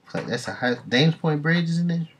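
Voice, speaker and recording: A man reading comics aloud on a stream, rambling through enthusiastic fan asides and dropping into quick voices for the characters. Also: fairly high pitch, expressive, husky. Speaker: comic book reader and streamer. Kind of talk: casual comic reading commentary.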